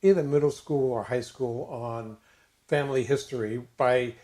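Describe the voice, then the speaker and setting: An older man chats casually as a co-host, his voice sitting at an ordinary middle pitch. He talks haltingly, full of fillers and restarts. Now and then he slips in a jokey aside. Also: mellow. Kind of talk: casual chat.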